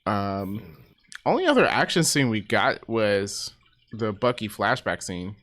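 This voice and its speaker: A man's voice: fairly low pitch, sing-song, slow pace, a bit bright. A man co-hosting a casual podcast about a TV episode, laughing often and trailing off with ums. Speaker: podcast co-host.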